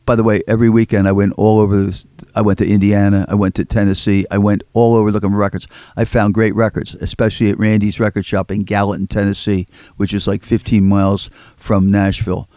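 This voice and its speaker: Recorded on a studio mic with no room sound, the older record collector from Philadelphia talks fast and flatly in a low, dark voice, barely pausing. As an interview guest he rambles through stories, repeats words and performs the quotes.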